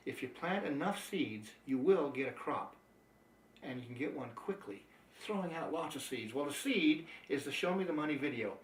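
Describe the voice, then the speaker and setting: A man giving an upbeat, emphatic motivational training talk on network marketing. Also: fairly high pitch. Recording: echoey room, mic at a distance.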